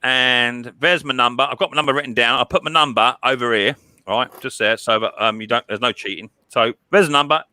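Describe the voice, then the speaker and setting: A man, hosting a casual livestream chat, chatty and quick to laugh, often repeating himself. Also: mid-range voice, pushed and bright, no room sound. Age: 30s. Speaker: livestream host.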